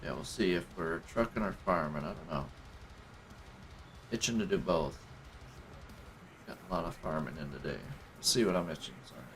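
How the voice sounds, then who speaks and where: A man giving casual, low-key commentary as he plays a farming game, often muttering to himself. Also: normal speed, pauses often, fairly bright tone, slight background noise. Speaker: streamer playing a farming game.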